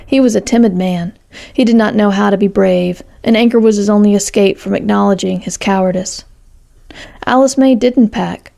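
A woman narrates a story in a steady, measured reading voice. Her delivery is full of gravelly fry and has a dark, mellow warmth. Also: medium pitch.

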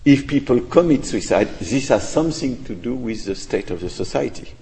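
A man's voice: medium pitch, expressive, normal speed, warm tone. A man answers an audience question in academic English, thoughtful and hesitant, hedging and restarting as he goes. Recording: echoey lecture hall.

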